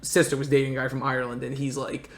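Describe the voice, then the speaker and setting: A man's voice: mid-range voice, completely flat delivery, quick pace, fairly bright tone. A man from the United States telling rambling, earnest travel stories in a casual chat. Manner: earnest, rambling anecdotes with many restarts. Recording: echoey room.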